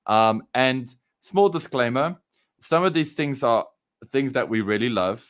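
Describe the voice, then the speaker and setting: South African man, podcast co-host, animated intonation, enthusiastic, steering the chat. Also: mid-range voice, measured pace.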